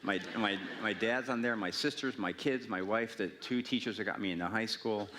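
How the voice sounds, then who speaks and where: A man's voice: lowish voice, moderate pace, bright, forceful tone, a little hiss or hum. A man, an author, answering audience questions in a casual, wry and self-mocking way at a public library event. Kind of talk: casual Q&A talk.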